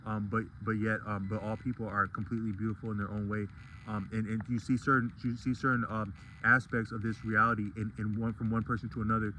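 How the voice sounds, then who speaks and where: Man musing on camera, meandering and restart-heavy; lowish, flat, slightly bright voice with faint noise behind it. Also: fast talker, rough recording. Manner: rambling and digressive, many restarts. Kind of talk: casual vlog monologue.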